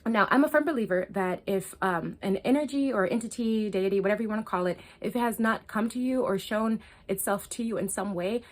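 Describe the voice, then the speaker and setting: A woman talking to camera in a casual storytime vlog. She is loose and chatty, swears freely, fills her talk with "like" and "um", laughs often, and moves between hushed and excited. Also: medium pitch. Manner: loose, profane and chatty, full of "like" and "um". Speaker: spiritual vlogger.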